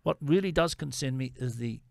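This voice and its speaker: A man's voice: mid-range voice, brisk, vocal fry, a little mellow, no echo. Kiwi guy on a politics panel, earnest, says things twice, dry studio. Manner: earnest, repeats himself.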